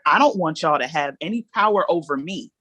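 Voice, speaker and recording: A woman's voice: low voice, lively intonation, brisk, a bit bright, no echo. A woman guest on a podcast, telling her own story candidly in long, earnest reflections.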